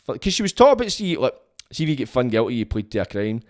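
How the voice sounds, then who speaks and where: A man's voice: medium pitch, big pitch swings, quick pace, a little mellow. Blunt, profane Scottish man. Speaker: vlogger giving prison advice. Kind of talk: casual monologue.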